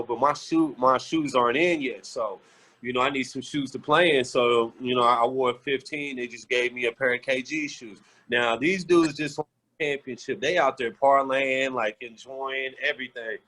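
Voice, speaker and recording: A man guest on a sports podcast, telling candid, profane stories in an animated, casual way. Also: on the high side, low-quality recording. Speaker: podcast guest, former pro basketball player. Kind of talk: casual storytelling.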